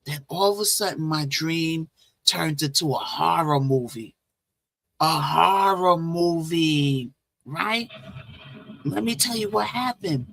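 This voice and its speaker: Her voice is low, animated and unhurried, a bit bright, with vocal fry, as a woman on her own livestream meanders through a long dream story while welcoming viewers. The dry recording comes from a phone or laptop over Bluetooth.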